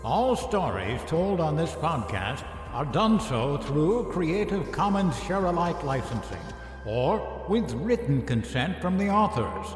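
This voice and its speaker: A man's voice: fairly high pitch, very animated, slow pace. A man announcing a podcast's closing notes and licensing terms in a formal, read-out manner. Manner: formal, reads legal notices. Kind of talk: scripted outro announcement. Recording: roomy with long reverb and faint music.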